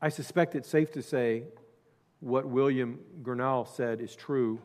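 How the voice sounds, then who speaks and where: A male pastor preaching a sermon, dropping to quiet asides and then rising to loud emphasis. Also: medium pitch, steady tone, a little slow, in a large hall.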